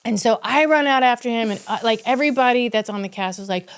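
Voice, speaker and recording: A woman from Kentucky tells a story as a podcast guest, with a high, bright voice. She is animated in casual chat and acts out each person in the tale. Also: fast talker, smooth.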